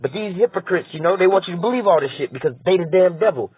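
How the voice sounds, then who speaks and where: A high-pitched, husky man rails against the news, swearing freely and talking back to what he reads. The sound is thin and tinny, like a phone line, and very dry. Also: lively intonation, fast talker, no room sound. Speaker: political commentator. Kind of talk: heated profane rant.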